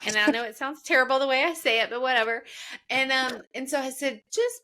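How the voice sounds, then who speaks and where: Southern woman co-host, bright tone, animated chatty storyteller. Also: high voice, quick pace, a little hiss or hum. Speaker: podcast co-host. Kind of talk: casual chat.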